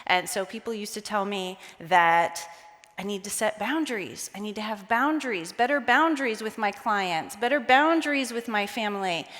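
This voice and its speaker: A woman giving a storytelling conference talk, acting out bits of dialogue as she goes. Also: fairly high pitch. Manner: animated, acts out quoted dialogue. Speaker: conference speaker. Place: large conference hall. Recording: long hall reverb.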